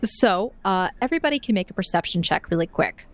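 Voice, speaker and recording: A woman's voice: on the low side, expressive, fast talker. Woman narrating a tabletop game. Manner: vivid, descriptive, playful. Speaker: game master.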